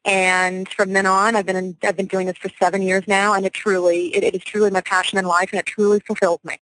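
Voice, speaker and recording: A woman's voice: mid-range voice, level tone, brisk, fairly bright tone, slight background noise, low-quality recording. A woman in her forties from Louisiana, a real estate broker, talking confidently and energetically as a guest in a radio interview.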